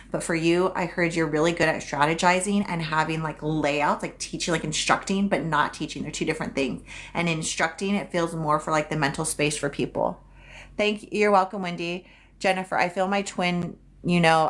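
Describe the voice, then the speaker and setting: A chatty woman whose voice sits a touch low talks into her phone during a psychic livestream. The casual chat is loose and unscripted, and she swears freely and hammers key phrases by repeating them.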